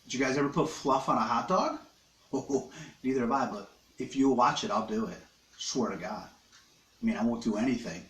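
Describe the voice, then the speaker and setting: A man rambles through a loose, joking live stream from his living room, chewing on snacks between crude wisecracks to his viewers. His voice sits at an ordinary middle pitch, and the sound bounces around an echoey room. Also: normal speed, fairly bright tone. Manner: joking, crude, eating while he talks. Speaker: livestream host. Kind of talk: rambling casual live chat.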